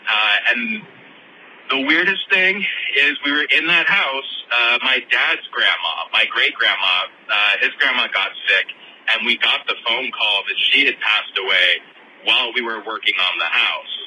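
A man calling in over a noisy phone line. He tells a personal story in a bright, forward tone, rambling with many fillers and restarts. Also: medium pitch, measured pace. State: choked up. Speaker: caller.

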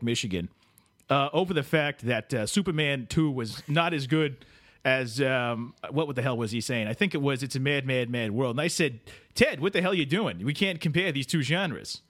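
A man's voice: mid-range voice, animated, fairly quick, a bit bright, dry recording, clean studio sound. A man doing a comedic impression of a boastful older male film actor who rambles and name-drops in a chummy way. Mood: rambling.

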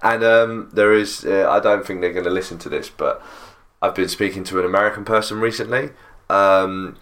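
A man's voice: low voice, normal speed, a bit bright. A man with an English accent in casual podcast chat, often ending his points with tag questions. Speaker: podcast co-host.

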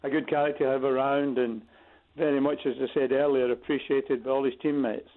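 A former footballer speaking hesitantly and repeating words in a tribute interview. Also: male voice, medium pitch, level tone, a little fast, heavy background noise. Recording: phone line.

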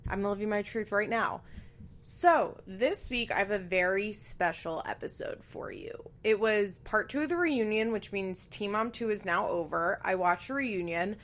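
A woman's voice: mid-range voice, a bit bright. A woman hosting a podcast from her bedroom, chatting candidly with frequent asides and swearing. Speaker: podcast host. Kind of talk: casual podcast chat. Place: bedroom at home. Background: fan running.

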